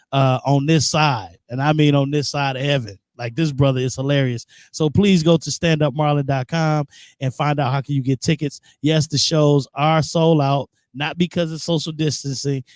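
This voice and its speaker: A man's voice: on the high side, fairly even intonation, normal speed, darkish tone, dry recording, clean studio sound. A man guest-hosting a live internet radio show, chatting casually and reading out viewer comments. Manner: laid-back, reads out viewer comments. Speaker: guest host.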